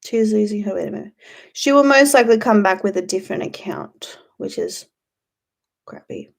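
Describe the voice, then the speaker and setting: A woman's voice: medium pitch, moderate pace, vocal fry. A woman hosting a casual livestream, rambling, swearing freely and answering chat. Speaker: YouTube livestream host.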